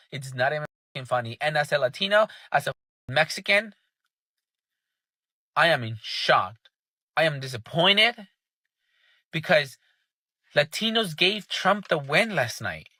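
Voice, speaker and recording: A man's voice: a little high, bright, forceful tone, dry recording. A man ranting angrily and sarcastically, swearing heavily in casual commentary. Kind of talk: angry profane rant.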